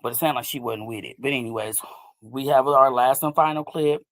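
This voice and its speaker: Brief: woman host in casual chat, lively swings up into a high voice, recorded dry and close. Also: brisk, dry recording. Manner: animated, swooping up high when excited. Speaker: podcast host. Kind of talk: casual chat reacting to clips.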